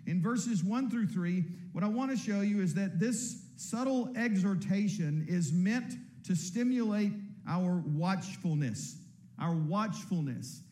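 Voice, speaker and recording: Earnest preacher with a high voice. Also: male voice, lively intonation, dark tone, roomy sound. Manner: earnest preaching with repeated words and slow emphatic stresses. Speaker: pastor. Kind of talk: sermon.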